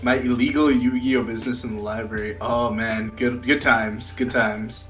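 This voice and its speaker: A young man co-hosting a podcast, chatting excitedly and swearing freely. His voice is bright and forceful, and it sounds out in an echoey room. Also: medium pitch, normal speed, faint music behind. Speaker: podcast co-host. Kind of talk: casual chat.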